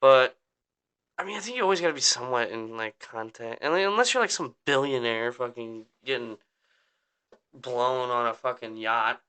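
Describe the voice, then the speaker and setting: A young podcast host with a medium-pitched, expressive, pushed and bright voice rambles and vents in a downbeat, casual rant at a moderate pace. He swears often and says "like" constantly. The sound is smooth.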